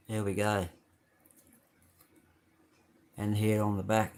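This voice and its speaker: A man's voice: lowish voice, completely flat delivery, slow pace, pauses often, a little mellow, clear, resonant tone. Chatty Australian man with many ums. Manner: chatty, rambling, many ums, greets viewers by name. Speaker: live stream host showing model cars. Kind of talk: casual live stream chat.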